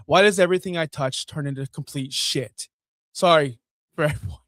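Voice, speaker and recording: A man hosting a fantasy football show, ranting with sarcasm and profanity, jumping between loud outbursts and low muttering. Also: fast, dry recording. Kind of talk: ranting sports commentary.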